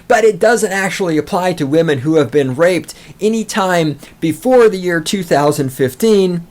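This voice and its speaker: Man, podcast host, sarcastic profane rant, very lively pitch. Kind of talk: ranting political commentary.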